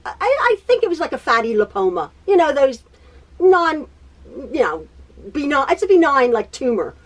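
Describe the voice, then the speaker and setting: This quilting host has a high-pitched, sing-song voice and talks at a normal speed from her home sewing room. Her video is a meandering personal catch-up full of laughter, repetition, and stuttering.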